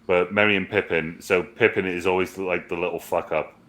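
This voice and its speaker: A man's voice: sits low, steady tone, a little fast, a bit bright. A man co-hosting a casual movie review chat, rambling and swearing as he recounts scenes. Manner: rambling, swears, quotes film lines in put-on voices. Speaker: podcast co-host.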